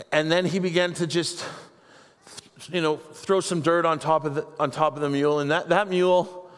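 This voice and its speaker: A man's voice: a little high, steady tone, normal speed, clear, resonant tone. A man preaching a sermon in a chatty, humorous way, acting out quoted voices. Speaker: pastor. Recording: long hall reverb.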